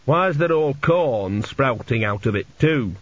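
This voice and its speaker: A man's voice: mid-range voice, animated, measured pace, dry recording. A man voicing a gloomy, shaken chief embalmer who mutters wearily, in a lo-fi audiobook recording. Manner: muttering, weary.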